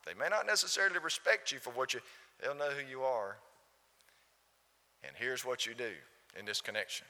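Preacher, male, emphatic and questioning, strained bright delivery, long church-hall echo. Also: medium pitch, animated, normal speed. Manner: emphatic, repeats rhetorical questions. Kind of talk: sermon.

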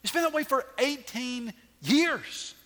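Male pastor, high bright voice, animated sermon full of dramatic pauses, reverberant hall.

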